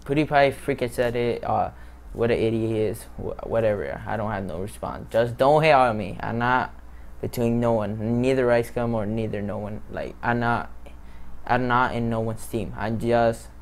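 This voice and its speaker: A man hosting a reaction video, reacting casually with excitable, loud exclamations. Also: mid-range voice, moderate pace, a little hiss or hum.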